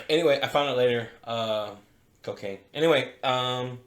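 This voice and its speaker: A man's voice: mid-range voice, lively intonation, unhurried, bright, forceful tone. A man co-hosting a podcast, telling a long, profane story in casual chat. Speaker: podcast co-host. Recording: roomy echo.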